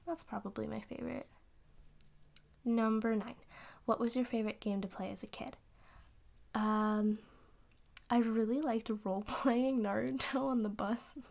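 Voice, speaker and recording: A woman's voice: medium pitch, vocal fry. A young woman, an audio role-play creator, answering questions in a rambling, giggly casual chat. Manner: rambling and giggly, often trailing off with fillers.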